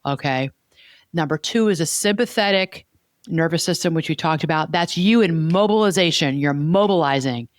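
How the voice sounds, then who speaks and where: A woman's voice: deep voice, no echo. Lady therapist teaching on a podcast, repeats points, keeps saying okay, dry close sound. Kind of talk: explanatory podcast talk.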